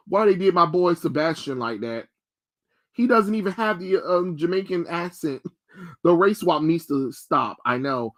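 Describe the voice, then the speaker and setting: Blunt, mocking young male streamer. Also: on the high side. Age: young adult. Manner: blunt, mocking, profane ranting. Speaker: live streamer. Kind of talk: live reaction commentary.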